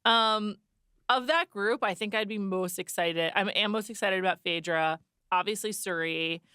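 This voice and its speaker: A young adult woman co-hosting a casual podcast, giving lively opinions in a chatty way. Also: mid-range voice, normal speed, clear, resonant tone, no echo, studio quality. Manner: lively, opinionated, frequent "like" and restarts. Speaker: podcast co-host. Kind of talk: casual chat.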